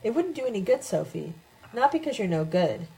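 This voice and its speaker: A woman reading as a calm, preachy male mystic. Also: mid-range voice, a little fast, gravelly, poor audio. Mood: gentle.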